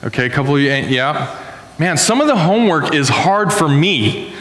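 A man in his thirties preaching a sermon to a congregation in a casual, animated storytelling way. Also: on the high side, normal speed. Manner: animated storytelling, acting out voices. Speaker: pastor. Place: church hall. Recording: echoey hall with long reverb.

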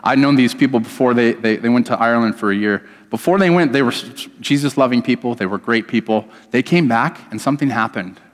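A man's voice: mid-range voice, fast, few pauses. Pastor guy preaching, telling stories, jokes at himself, long echo off the church walls. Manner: storytelling, animated, self-deprecating. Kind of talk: sermon. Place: church hall. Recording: reverberant church hall.

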